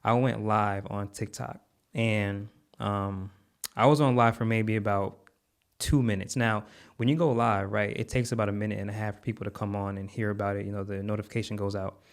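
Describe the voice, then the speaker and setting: A man's voice: fairly low pitch, steady tone, fairly quick. A man, a podcast guest and content creator, telling an earnest story in conversation, heartfelt, with repeated words and many fillers.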